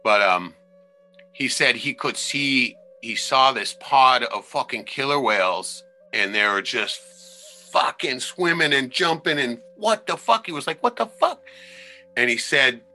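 A man with a very bright, forceful voice spins rough, swearing sea yarns in casual podcast chat. His delivery is loud and animated, and faint music sits behind him. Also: mid-range voice, measured pace. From Alaska. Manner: profane, animated storyteller. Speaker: podcast guest. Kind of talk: casual storytelling.

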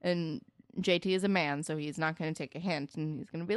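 A woman co-hosting a casual podcast, recapping a TV episode and acting out the characters' lines in quick asides. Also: deep voice, dry recording, clean studio sound. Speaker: podcast co-host.

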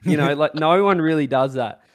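A man with an Australian accent co-hosting a casual podcast, rambling and playful with deadpan mock answers. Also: on the high side, normal speed. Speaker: podcast co-host.

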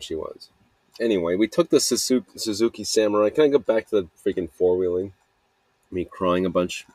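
Rambling deep-voiced man telling stories. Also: darkish tone, dry recording. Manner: rambling, laughs often, swears casually. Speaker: podcast host. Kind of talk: rambling casual storytelling monologue. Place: outdoors at night.

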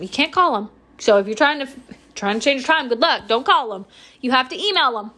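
A young woman hosting her own podcast, telling a rambling personal story in a casual, animated way and swearing freely. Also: medium pitch. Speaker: podcast host.

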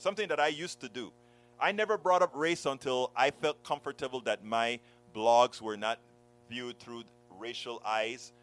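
A man's voice: medium pitch, a bit bright, low-quality recording. A blogger and speaker telling a personal story with passion, often repeating words and starting over as he acts out what people said.

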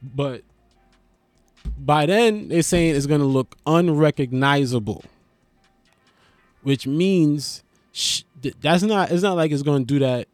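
Animated New comedian, higher voice. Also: male voice, no room sound. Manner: animated, profane, rambling riffs with restarts. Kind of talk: stand-up style comedic monologue.

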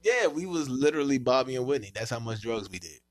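A man hosts his podcast and tells stories in loose, profane talk. His voice sits at a middle pitch but swings widely as he acts out what others said. The sound is dry and close to the mic. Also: quick pace, no echo. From Washington, D.C. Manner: animated, profane, acts out quotes with big pitch jumps. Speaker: podcast host. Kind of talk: casual storytelling chat.

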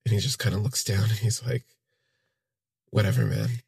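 Raspy low-voiced man telling his story. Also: fairly even intonation, no room sound, studio quality. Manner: halting, reflective, trails off and restarts. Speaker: podcast storyteller. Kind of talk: first-person storytelling monologue.

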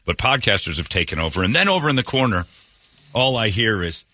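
A man's voice: on the low side, sing-song, brisk, pushed and bright, dry recording. A man who works as a radio host, telling rambling anecdotes in casual chat and acting out quoted lines.

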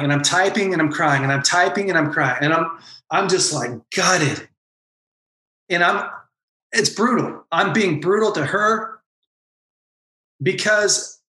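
A man's voice: high voice, pushed and bright, reverberant. A man and former pastor, talking as a podcast guest and telling an emotional personal story with earnest intensity. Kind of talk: candid podcast conversation.

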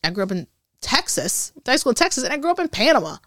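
A woman in her forties, an interview guest, telling a story from her past in an animated, chatty way. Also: on the high side, quick pace, dry recording, studio quality. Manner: animated storyteller who acts out remembered dialogue. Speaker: interview guest, Air Force veteran.

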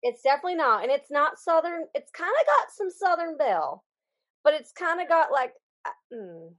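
A woman with a notably high voice talks loosely on a podcast. She rambles, restarts and hunts for the right words. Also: sing-song, normal speed. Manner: chatty, rambling, searches for words. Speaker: podcast co-host. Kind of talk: casual chat.

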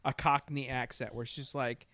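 A man chatting casually about a movie, animated and often laughing, mocking what he saw with quick impressions. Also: medium pitch, no room sound. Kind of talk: casual podcast movie chat.

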